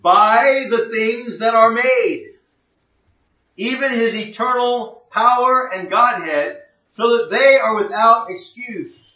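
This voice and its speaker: A man's voice: very high voice, slow, pushed and bright. A man teaching the Bible in a conversational sermon, plain-spoken and fond of rhetorical questions. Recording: echoey room, distant mic, dull lo-fi.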